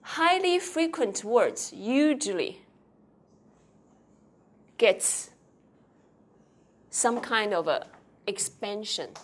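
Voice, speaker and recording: A woman's voice: fairly high pitch, sing-song, extremely slow, pauses often. A woman lecturing a university class, switching between Mandarin with a Taiwanese accent and English, quizzing students as she explains. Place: lecture hall.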